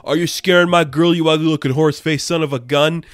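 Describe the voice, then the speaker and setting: A man voicing an aggressive male bar thug who yells threats. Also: a little high, steady tone, quick pace, no room sound, close to an everyday voice. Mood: threatening. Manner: threatening, yelling.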